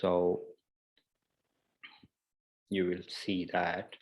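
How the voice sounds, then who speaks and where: A man's voice: sits low, little pitch movement, rough recording. A man teaching a pronunciation lesson, repeating example words several times and explaining patiently. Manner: slow, repeats each word several times; explains patiently with many "obviously" and "uh".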